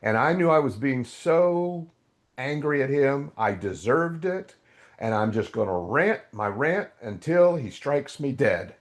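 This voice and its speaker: A middle-aged man appears as a podcast guest, giving a raw, candid testimony of his faith in an interview and acting out his own past outbursts. He speaks with a medium-pitched, expressive voice at an unhurried pace.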